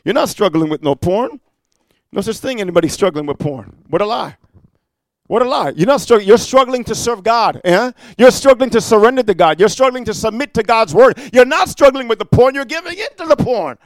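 A preacher giving a fiery sermon, firing off rebukes and rhetorical questions with repeated "amen" and "huh", moving between quiet storytelling and loud warnings. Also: male voice, very high-pitched, expressive, brisk, no room sound.

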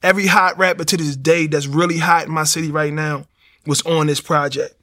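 A man telling his personal testimony in an animated street style, acting out the voices. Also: fairly high pitch, brisk. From Baltimore, USA. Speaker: speaker giving a testimony.

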